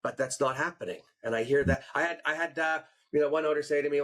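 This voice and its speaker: A man hosting a podcast in casual chat, telling stories with lively acted-out quotes. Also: a little high, fast talker. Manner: animated storyteller, acts out quotes. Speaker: podcast host.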